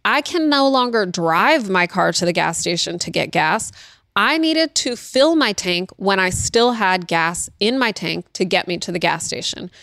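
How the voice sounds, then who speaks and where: A woman's voice: mid-range voice, lively intonation, measured pace, fairly bright tone, no room sound. Earnest parenting-advice woman, thirties, dry close sound, plain conversational delivery. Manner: earnest, explanatory, repeats key phrases. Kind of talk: casual advice talk.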